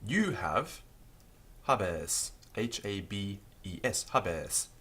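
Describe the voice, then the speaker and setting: A man's voice: very slow, slightly rough. A man teaching a beginners' language lesson, patiently spelling out words letter by letter. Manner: lively pitch, stresses example words.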